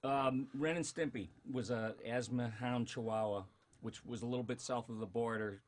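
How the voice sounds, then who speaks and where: A man's voice: mid-range voice, normal speed. A man in his fifties, a voice actor, chatting jokily in an interview. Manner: animated, jokey, breaks into character voices. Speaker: voice actor guest. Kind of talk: casual interview chat. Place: studio.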